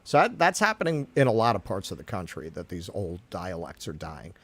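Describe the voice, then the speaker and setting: A man from New York co-hosting a casual political chat stream, talking in an animated, indignant way with lots of swearing. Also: low voice, fairly quick, breathy edge. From New York, Queens. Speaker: co-host.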